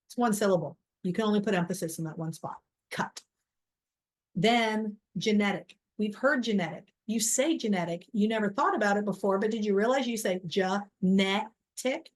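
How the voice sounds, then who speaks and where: A woman's voice: mid-range voice, a little fast, few pauses. A middle-aged woman teaching a recorded college lecture over slides, casual and self-deprecating. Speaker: college biology instructor.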